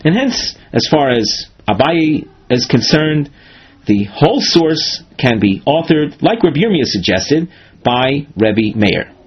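A man giving a measured, explanatory Talmud lesson, walking through a marked text with frequent fillers and restarts. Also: mid-range voice, sing-song, husky. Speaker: Talmud teacher. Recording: dull lo-fi recording.

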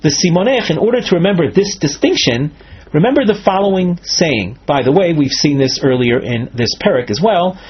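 A man leads a Talmud study lecture, working through each term step by step and sometimes restarting mid-sentence. His voice sits a little high and sounds husky. The recording is dull and lo-fi. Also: animated, fairly quick. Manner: methodical, explains terms step by step with some restarts. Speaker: Talmud teacher.

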